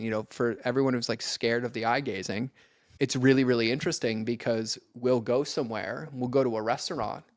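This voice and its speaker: A man talking as a podcast guest and mentor in casual conversation, earnest and animated as he acts out conversations. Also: mid-range voice, dry recording, clean studio sound. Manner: earnest, animated when acting out exchanges.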